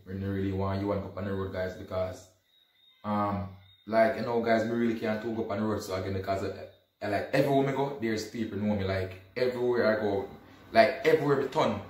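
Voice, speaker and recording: A man's voice: on the low side, quick pace. A man, retelling an event casually and acting out the dialogue as he goes. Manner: animated, acts out dialogue, repeats "you see me". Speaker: storyteller. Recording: echoey room, distant from mic.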